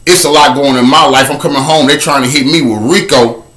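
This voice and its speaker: A man telling his own story in a casual, animated way, dropping to a low murmur for a repeated refrain. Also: a little fast.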